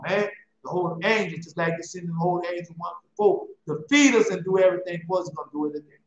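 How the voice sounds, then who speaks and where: A man's voice: a little high, dull audio. Preaching man in an echoey room. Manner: preachy, rambling, with repetitions. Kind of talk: sermon reading and commentary.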